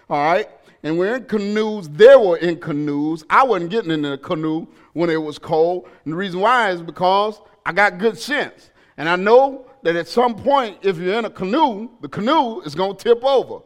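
Pastor guy preaching, really high voice, tells a story then gets loud and fired up. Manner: storytelling that builds to shouted preaching. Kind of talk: sermon with personal story.

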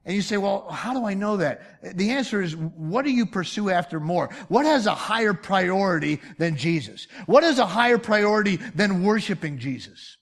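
Man, 50s, pastor, sermon, emphatic, rhetorical questions, slightly high voice. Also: very animated, moderate pace, hardly any pauses.

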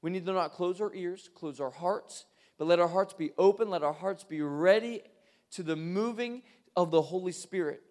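A young man preaching a sermon, lively and joking as he talks with his congregation. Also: sits high, moderate pace. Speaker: pastor.

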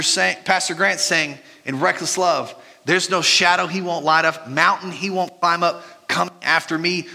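A man's voice: fairly high pitch, gravelly, bright, forceful tone, big-room sound. A man preaching a sermon as a pastor, earnest and conversational, with self-deprecating asides.

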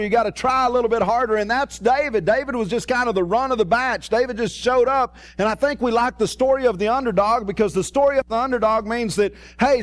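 A middle-aged pastor with a high-pitched voice delivers a conversational sermon. He tells the story loosely and acts out the quoted voices as he goes.

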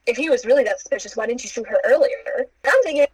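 A woman's voice: on the high side, rapid-fire, breathy edge, no room sound, rough recording. A young woman casually recounting a story, acting out the quoted lines with playful asides. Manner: animated, acts out quotes with playful asides and laughs.

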